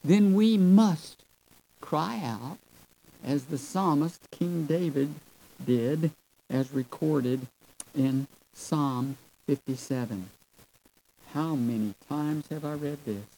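A man's voice: on the high side, slow, mellow, slight background noise, poor audio. A man preaching a sermon, drawing out his phrases, swelling suddenly in volume for emphasis, and calling his listeners folks and friends. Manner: addresses the audience as folks and friends.

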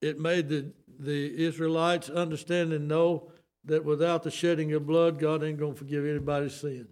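A man's voice: a little high, little pitch movement, moderate pace, a little mellow, clear, resonant tone. An older man with a Southern US accent preaching a sermon, folksy and emphatic, with homespun asides.

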